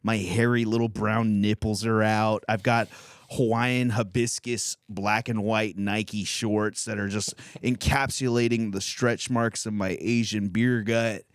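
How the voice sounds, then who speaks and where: A man's voice: fairly low pitch, clean tone, no echo, studio quality. A man in his thirties hosting a podcast, telling a crude comedic story in a profane, rambling way and laughing through his lines. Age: 30s. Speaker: podcast host.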